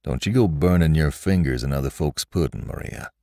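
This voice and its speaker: A man voicing a stolid, scornful country husband who speaks gruffly and dismissively. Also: a bass voice, expressive, brisk, dark tone, dry recording, clean studio sound, exaggerated voice.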